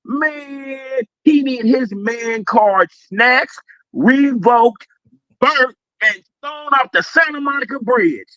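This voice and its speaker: A man co-hosting a casual talk stream, ranting loudly and mockingly at another creator. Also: extremely high pitch, slow, no echo, dull audio. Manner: loud, mocking, animated ranting. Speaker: co-host. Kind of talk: casual commentary chat.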